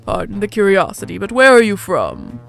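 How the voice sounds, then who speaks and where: A woman voicing a reserved, polite male minotaur hotel keeper who speaks formally and measured. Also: mid-range voice, huge pitch swings, creaky, faint music behind.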